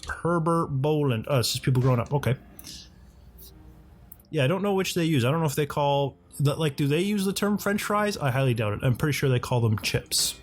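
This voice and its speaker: A man's voice: medium pitch, slight background noise. A man from North America giving casual gameplay commentary, thinking aloud and correcting himself as he goes. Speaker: let's play host.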